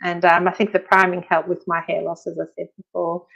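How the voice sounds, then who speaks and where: A woman's voice: lowish voice, little pitch movement, a little fast, gravelly, a bit bright, highs cut off. A woman chatting casually on a live stream as a guest, reading out viewer comments and talking about her own progress.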